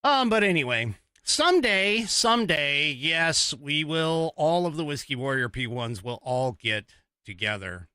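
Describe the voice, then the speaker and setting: This American host of a live podcast talks in a loose, chatty way, often restarting and leaning on fillers. He has a higher, animated voice that sounds pushed and bright with a clean tone, delivered at a measured pace. It's a dry recording with clean studio sound.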